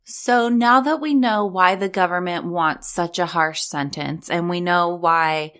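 A woman's voice: fairly low pitch, unhurried, a bit bright. A woman giving casual, blunt commentary while reading court documents aloud, sarcastic and swearing freely.

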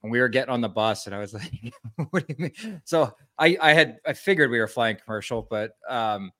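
A man chats on a sports talk show, retelling his playing days with self-mocking humor and frequent stammered restarts. His voice sits at an everyday middle pitch. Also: brisk, fairly bright tone. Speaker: podcast co-host, former hockey player.

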